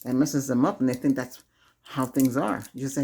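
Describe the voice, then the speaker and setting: Man, Reiki host, husky gravelly voice, easygoing rambling advice with frequent chuckles. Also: mid-range voice, normal speed, darkish tone. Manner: chuckles often between remarks, repeats himself. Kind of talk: casual spoken advice to viewers.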